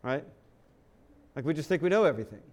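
A man's voice: on the high side, expressive, normal speed. A man preaching a sermon, dramatic and full of rhetorical questions, sometimes acting out other voices. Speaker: pastor.

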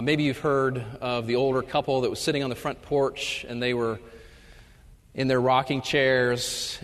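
A male professor giving a humorous chapel talk, telling stories and acting out the jokes in loud voices. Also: mid-range voice. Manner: storytelling, acts out jokes with loud shouted voices. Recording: long reverb of a large hall.

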